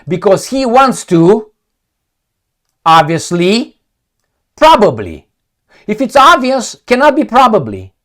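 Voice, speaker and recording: Give me an angry, sarcastic man ranting through the news with a lively, swinging pitch. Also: slow pace, long pauses. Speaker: political commentator. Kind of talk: ranting video commentary, reading news aloud.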